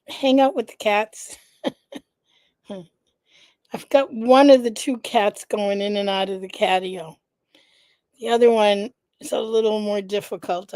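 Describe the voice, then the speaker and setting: A congested woman hosting her live vlog in a casual, chatty way, often pausing with "um" and greeting viewers by name. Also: mid-range voice, darkish tone, no echo. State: congested, nasal stuffiness. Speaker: vlog host, founder of an organization. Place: indoors at home.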